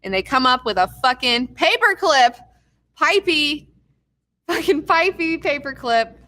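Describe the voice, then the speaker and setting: A young woman casually recapping a TV episode, swearing freely, excitable and acting out characters' lines. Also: sits high, unhurried. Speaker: TV recap host.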